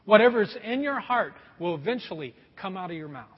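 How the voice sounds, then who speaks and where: A man's voice: high-pitched, lively intonation, brisk, husky, in a large hall, muffled recording. A middle-aged man preaching a sermon in a church, telling folksy stories and calling his congregation folks. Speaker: pastor. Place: church sanctuary.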